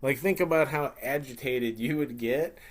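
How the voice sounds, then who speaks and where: A man teaching a beginner webinar in a relaxed, conversational way, sometimes acting out little scenes in playful voices. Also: mid-range voice, normal speed. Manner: conversational, acts out turkey scenarios with playful voices. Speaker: hunting instructor. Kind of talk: webinar lesson.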